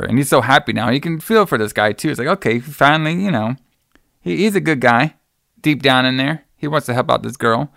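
Casual podcast co-host, gravelly male voice, animated storyteller, dry close mic. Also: mid-range voice, a little fast, no echo. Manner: animated storyteller acting out quotes, laughing often. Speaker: podcast co-host recapping a horror movie. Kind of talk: casual chat.

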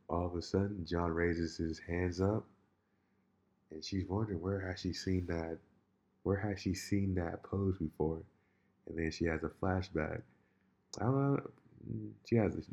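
Low-voiced man rambling through a story. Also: dull audio. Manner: rambling, animated storytelling with frequent restarts. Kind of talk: casual chat.

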